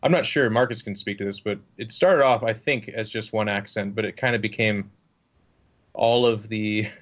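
A man chatting casually with fellow players, telling animated stories and swearing freely. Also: on the low side, normal speed, muffled recording. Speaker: tabletop game player and streamer. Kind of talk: casual chat, storytelling.

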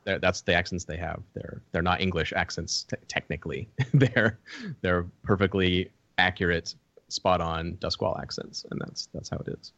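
A man's voice: low voice, moderate pace, a bit bright, no echo, highs cut off. A man running a tabletop game, chatting casually and encouragingly with his players after a stream. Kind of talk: casual post-game chat.

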